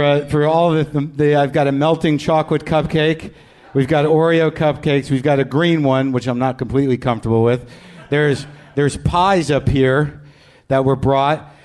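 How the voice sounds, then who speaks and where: A man's voice: a little high, a little mellow. A man hosting a live comedy podcast in front of an audience, ranting in a profane, self-deprecating way. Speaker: host. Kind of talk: live stand-up podcast monologue.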